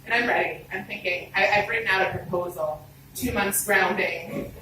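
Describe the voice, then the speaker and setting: Woman storyteller, expressive and chatty, self-deprecating, big echoey room, mic far off. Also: medium pitch, normal speed. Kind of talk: live personal storytelling. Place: live event stage. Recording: roomy hall, distant mic, background noise.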